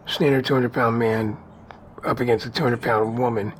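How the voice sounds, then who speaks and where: A man's voice: mid-range voice, steady tone, moderate pace, a little hiss or hum. A man co-hosting a podcast in casual, rambling conversation, often laughing. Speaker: podcast co-host.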